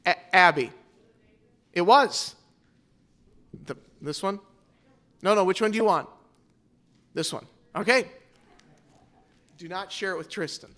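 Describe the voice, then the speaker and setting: A man's voice: high-pitched, takes it slowly, long pauses, a bit bright. A man pastor hosting a playful Bible trivia game at a church service, teasing the congregation before introducing guests.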